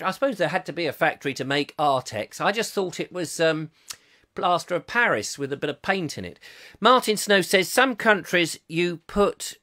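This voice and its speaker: A man's voice: on the high side, bright, forceful tone. A man hosting a comic live chat show, rambling in a jokey way and reading out viewer comments as they come in. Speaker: host.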